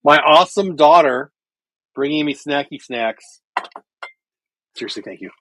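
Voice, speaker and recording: A middle-aged man hosting a baseball watch party livestream from home, chatting casually and calling the plays with excitement. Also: a little high, measured pace, no room sound. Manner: chatty, thinks out loud, calls plays excitedly. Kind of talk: casual live baseball commentary.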